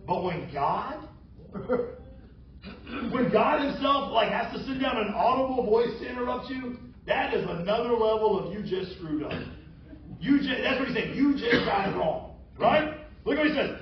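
A man preaching a sermon as pastor, animated and humorous as he retells a story. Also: very high voice, normal speed, a little hiss or hum. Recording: roomy, distant, dull sound.

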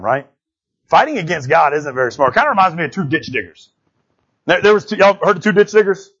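A male pastor with a drawl, preaching in a folksy, joking way and often calling out to his congregation. His voice sits a little high for a man. The recording sounds dull and muffled. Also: lively intonation, fast, fairly bright tone, breathy edge. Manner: folksy, tells jokes, calls out to the congregation. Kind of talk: sermon. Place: church sanctuary.

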